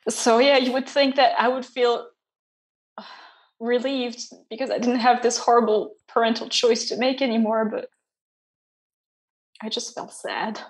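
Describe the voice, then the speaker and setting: A young adult woman speaking softly and haltingly as a guest in an interview, with many fillers and restarts. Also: a little high, level tone. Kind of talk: personal interview.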